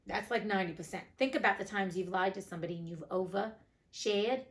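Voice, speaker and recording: A woman's voice: mid-range voice, a little fast, poor audio. Chatty woman reading fairy tales aloud. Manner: chatty, blunt asides with swearing. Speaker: reader and host. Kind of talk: fairy tale reading with casual commentary.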